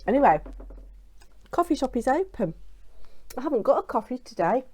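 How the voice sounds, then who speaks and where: A woman's voice: sits high, sing-song, moderate pace, a little mellow. A woman with a British accent, hosting a craft channel and chatting casually to camera at home. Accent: British English. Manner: chatty, bubbly, talking while eating.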